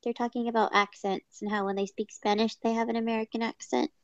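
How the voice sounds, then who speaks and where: A woman's voice: a little high, flat delivery, fast, no room sound, dull audio. A woman chatting casually, rambling and often restarting her sentences. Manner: rambling, self-correcting. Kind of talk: casual chat.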